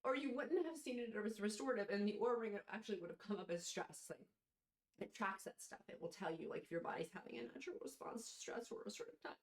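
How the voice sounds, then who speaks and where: A woman's voice: mid-range voice, quick pace. Tearful woman vlogging in an echoey room. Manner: heartfelt, rambling with fillers. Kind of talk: emotional casual vlog. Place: at home, in her robe.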